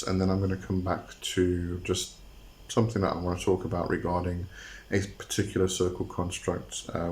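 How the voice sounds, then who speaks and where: A man with a low, somewhat dark voice hosts his own channel. He explains a topic casually and hesitantly, with lots of fillers and restarts.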